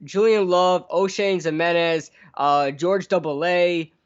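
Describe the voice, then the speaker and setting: Fairly high-voiced man on lo-fi audio. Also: fairly even intonation, takes it slowly, clear, resonant tone. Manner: rambling, many restarts and fillers. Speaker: podcast co-host. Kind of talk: casual sports podcast chat. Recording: dull lo-fi stream audio.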